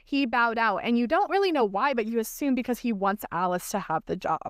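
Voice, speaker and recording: A woman's voice: fairly high pitch, animated, a little fast, clear, resonant tone, dry recording, studio quality. A woman co-hosting a book podcast, chatting casually about the plot and animatedly quoting the characters. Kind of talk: casual book recap chat.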